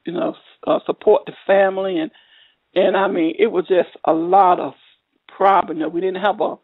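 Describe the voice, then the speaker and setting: A woman's voice: lowish voice, fairly even intonation, normal speed, husky, dry recording. A middle-aged woman, preaching a heartfelt testimony sermon, repeating herself and rising to cries. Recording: tinny phone-line audio.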